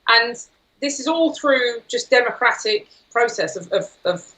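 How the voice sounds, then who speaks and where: Forceful, insistent woman guest. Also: a little high, expressive, unhurried, rough recording. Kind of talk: talk show conversation.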